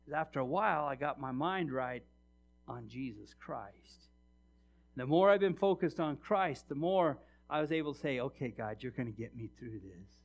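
A middle-aged man with a high voice preaches to his congregation. He tells stories, drops to a hush, then rises loud and emphatic as he speaks straight to his listeners. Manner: storytelling, swings from hushed to loud and emphatic; preaches with direct address to the congregation. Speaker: pastor. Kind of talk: sermon.

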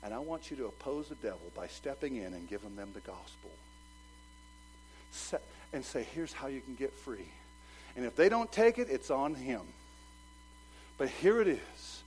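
A male pastor preaching a sermon, swinging from loud urging to low, quick asides. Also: animated, slightly rough, low-quality recording.

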